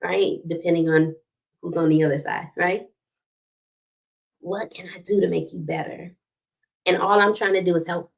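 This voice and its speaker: A middle-aged woman hosts a relationship talk with faith references, her voice low and gravelly. She drives her points home by repeating them and tags lines with "right?" in a preachy, coaching manner. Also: fairly even intonation, moderate pace, pauses often. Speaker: host of a relationship talk stream.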